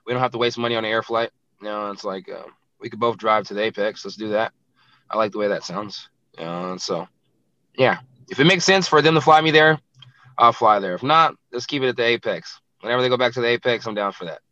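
A man's voice: on the low side, fast talker, pushed and bright, highs cut off. A man who is a professional fighter, talking bluntly and brashly in a casual interview, filling his speech with "you know, it's like".

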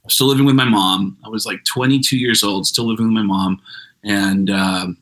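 A male stand-up comedian spinning a casual, profane story in an interview, his voice bright and forward. He talks loosely, drops curses freely and keeps breaking into other people's voices as he goes. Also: on the low side, a little fast, rough recording. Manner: profane, animated, slips into voices.

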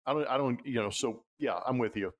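A man's voice: mid-range voice, brisk. Conversational former-player man. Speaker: podcast co-host, former pro player. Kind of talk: casual sports talk.

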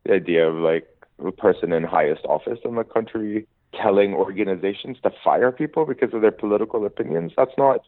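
A man's voice: lowish voice, fairly quick, no echo. A man answering interview questions thoughtfully, with many hesitations and ums. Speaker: interview guest, musician. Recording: dry, phone-like narrow sound.

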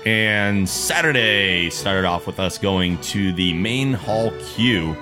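Podcast host: man with a very deep voice, relaxed and chatty as he sums up the day. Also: slow pace, over music. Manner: laid-back, recapping events. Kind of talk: casual chat.

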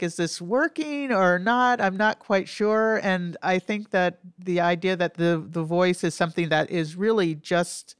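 A woman, a film critic and guest, talking over a film in a thoughtful, halting way with many fillers, her voice nasal from allergies. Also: fairly low pitch, clean tone, no echo, clean studio sound. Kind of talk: conversational film discussion.

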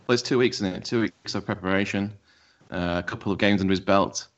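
A man's voice: on the low side, fast talker. A man co-hosting a football podcast, chatting casually and joking. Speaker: podcast co-host. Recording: dull lo-fi sound.

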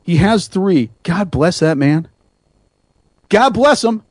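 High-voiced, rambling radio host man. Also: takes it slowly, no echo, clean studio sound. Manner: animated, rambling, self-mocking, many restarts. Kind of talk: casual radio chat.

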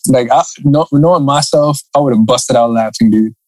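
A man's voice: medium pitch, normal speed, darkish tone, no room sound, rough recording. A man casually chatting on a podcast, reading funny reviews aloud with lots of laughing and swearing. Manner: laughs often, swears freely, sing-song reading. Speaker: podcast co-host.

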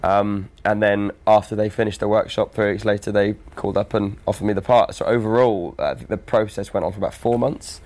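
A man in his twenties, an actor guest, recounting events in a measured way with many fillers. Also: lowish voice, steady tone, darkish tone. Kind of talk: casual interview chat.

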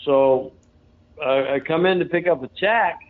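A man's voice: fairly high pitch, unhurried. A man telling stories in a loose, rambling way with plenty of fillers, as an interview guest. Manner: rambling, folksy, lots of fillers. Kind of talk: casual storytelling. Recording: phone-like narrow sound.

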